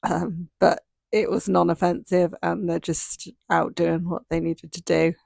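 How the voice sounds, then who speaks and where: A young woman talks through her trip in a loose, chatty travel vlog, laughing often between thoughts. Her voice sits on the low side with a gravelly fry. The sound is close and dry. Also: little pitch movement, unhurried, darkish tone, no room sound. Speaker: travel vlogger. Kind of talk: casual travel recap.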